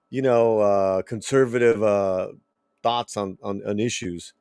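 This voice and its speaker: A man hosting a commentary channel, reacting to a clip in a blunt, animated way, swearing and repeating himself. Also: medium pitch, normal speed, no room sound, clean studio sound.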